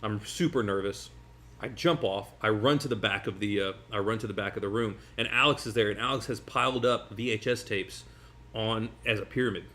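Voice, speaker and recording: Man, magician guest, quick rambling storyteller, lowish voice. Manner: rambling, animated, many restarts. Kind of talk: casual storytelling chat. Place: sitting at a table over food.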